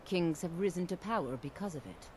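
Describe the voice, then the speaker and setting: A woman's voice: on the low side, animated, fairly quick, darkish tone, a little hiss or hum, lightly acted. An actress playing a formal, long-winded female mage who guides a new student at a college, speaking with courteous wording. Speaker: game character, college mage.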